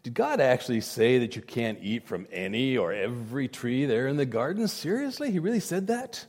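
A man's voice: medium pitch, expressive, normal speed, darkish tone, pitched below the performer's own voice. A man doing a sly, taunting devil. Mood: mocking. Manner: incredulous, taunting questions. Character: sly male devil, mocking and sowing doubt.

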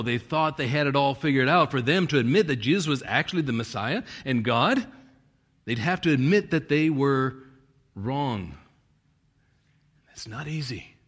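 Expressive male pastor preaching. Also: mid-range voice. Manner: expressive preaching, reads scripture with emphasis, chuckles often. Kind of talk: sermon.

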